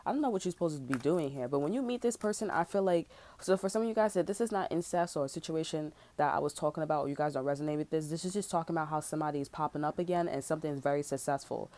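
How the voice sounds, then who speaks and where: A woman with a fairly low voice talks through a tarot reading in loose, profane slang. She keeps saying "bro" and pushes into a loud, heated tone as she vents. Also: racing. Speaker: tarot reader. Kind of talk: casual tarot reading turning into a rant.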